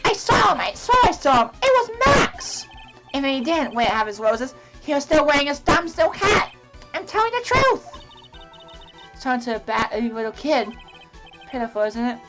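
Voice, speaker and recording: A woman voicing a loud, excitable male courtroom witness who whines and shouts indignantly while reading a game aloud. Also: high voice, normal speed, over music. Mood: indignant shouting.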